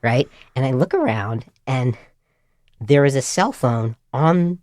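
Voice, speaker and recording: A man telling an embarrassing story in casual podcast chat, animated and self-deprecating, full of "like" and "right?". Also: mid-range voice, slow pace, dry recording, clean studio sound. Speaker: podcast co-host.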